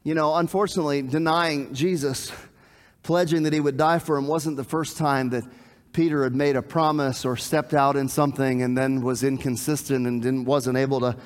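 A man preaching a sermon, animated, asking the congregation questions and acting out scenes. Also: medium pitch, normal speed, long reverb tail. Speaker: pastor.

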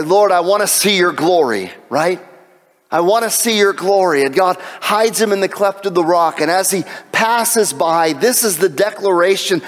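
A man with a high voice preaches a sermon. He is animated and breaks in with jokes and asides. His voice rings with the long reverb of a large hall. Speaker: pastor.

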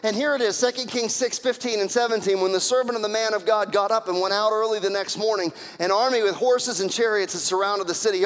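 A man with a high voice preaches a sermon, retelling scripture stories with lively energy and briefly acting out the people in them. His voice rings out with the long reverb of a large hall. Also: a little fast. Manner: animated storytelling with acted-out voices. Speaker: pastor.

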